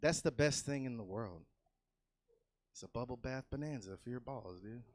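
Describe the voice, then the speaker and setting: Male stand-up comic, casual and profane, average pitch, dry close sound, loud yelled punchlines. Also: expressive, normal speed, dry recording. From California. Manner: loose, profane, swings into loud yelled bits. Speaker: stand-up comedian. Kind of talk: stand-up set. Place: comedy club stage.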